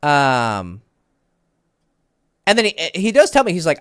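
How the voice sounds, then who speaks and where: A man's voice: on the high side, huge pitch swings, slow, fairly bright tone, clean tone, no room sound, clean studio sound. Rambling, profane male dating coach. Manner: rambling, profane, self-correcting. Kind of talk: casual storytelling.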